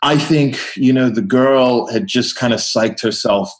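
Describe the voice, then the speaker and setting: A man's voice: medium pitch, a little slow. A man guesting on a podcast, talking in a laid-back way and laughing easily in casual chat.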